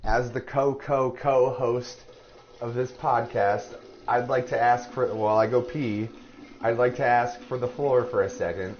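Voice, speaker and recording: A man's voice: mid-range voice, measured pace, slight background noise. Profane storytelling podcast guy. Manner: profane, animated storytelling with quoted voices. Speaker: podcast co-host. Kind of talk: casual chat. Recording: dull lo-fi live stream audio.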